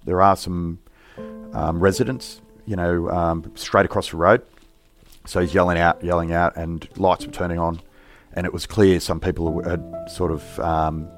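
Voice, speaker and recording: A middle-aged cop shares a personal story in an interview, his voice sitting low. The delivery is halting, thoughtful and plain-spoken.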